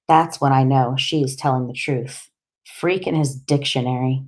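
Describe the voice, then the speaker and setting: Low-voiced woman narrating an audiobook. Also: a little slow, darkish tone. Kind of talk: first-person audiobook narration.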